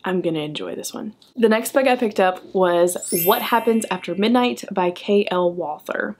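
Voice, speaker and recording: A young woman chatting enthusiastically in a book vlog, often tagging her remarks with a quick "okay?". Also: mid-range voice. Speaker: book vlogger. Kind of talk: casual chat.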